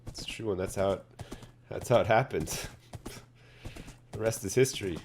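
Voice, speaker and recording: Deadpan streamer, low voice, rambling comic yarn, faint hiss behind. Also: male voice, moderate pace. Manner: deadpan tall tale, swearing, lots of fillers. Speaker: streamer telling a made-up story.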